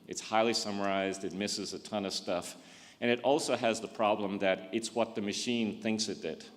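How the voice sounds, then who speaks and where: Male conference speaker, lowish voice, restarts and repeats words, big reverberant hall. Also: fairly even intonation, moderate pace. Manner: thinking aloud with frequent restarts and repeated words. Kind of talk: conference talk.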